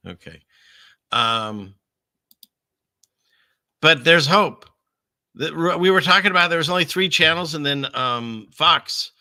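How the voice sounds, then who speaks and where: A man's voice: mid-range voice, creaky, bright, forceful tone, no room sound, clean studio sound. A male show host giving casual news commentary, rambling with joking, sarcastic asides.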